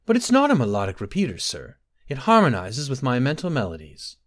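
A man's voice: wildly swooping pitch, moderate pace. A man voicing a nervous young snow elf maid. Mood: anxious. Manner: high, timid, later hissing.

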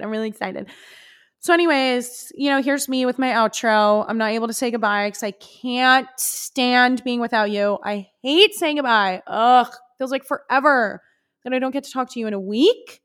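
A woman's voice: on the high side, normal speed, a bit bright, clean tone. A young woman hosting her own podcast alone, chatting casually in a bubbly, gushing way. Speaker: podcast host. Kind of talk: solo casual podcast chat.

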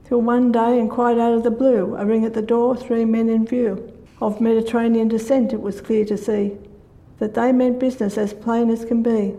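Gravelly older woman reading verse. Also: on the high side, flat delivery, normal speed, warm tone, rough recording. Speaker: guest poet. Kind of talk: reading rhyming poems aloud.

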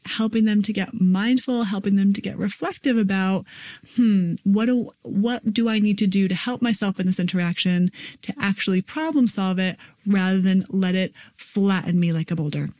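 A woman's voice: mid-range voice, a little mellow. A woman in her thirties hosting a parenting podcast in a casual, chatty way, acting out children's lines. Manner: quick, chatty, acts out kids' lines.

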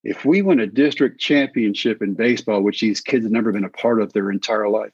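A man with a husky, slightly breathy voice, talking as an interview guest about his time as a baseball coach and pitcher. He tells folksy anecdotes and acts out the other voices in them. The recording is dry and a little dull. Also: a little fast, a little mellow, dry recording. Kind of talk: animated storytelling in an interview.

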